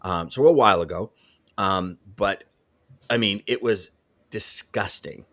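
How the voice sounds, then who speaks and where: A man's voice: low voice, measured pace. Emphatic storytelling man, live show. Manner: animated storyteller, emphatic repetitions. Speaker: co-host of a live sales show. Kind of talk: casual live-stream chat.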